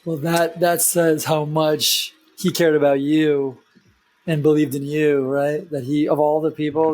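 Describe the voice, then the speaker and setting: A man's voice: on the high side, darkish tone. A man, a podcast guest, speaking from home in an enthusiastic and affirming way. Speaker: podcast guest, nonprofit founder. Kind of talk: casual interview chat.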